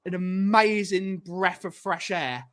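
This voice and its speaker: A man's voice: high voice, takes it slowly, fairly bright tone. A man co-hosting a casual livestream chat, enthusiastic and greeting viewers by name. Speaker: livestream co-host.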